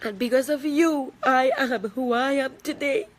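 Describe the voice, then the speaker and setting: A woman's voice: high-pitched, unhurried. A middle-aged woman with a Trinidadian accent making an emotional personal video statement, tearful and emphatic, repeating herself for weight. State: crying at times.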